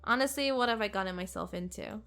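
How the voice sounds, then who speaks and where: A woman hosting a let's play, reading a visual novel aloud in an expressive, sarcastic way. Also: medium pitch, quick pace. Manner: expressive, sarcastic, occasional giggles.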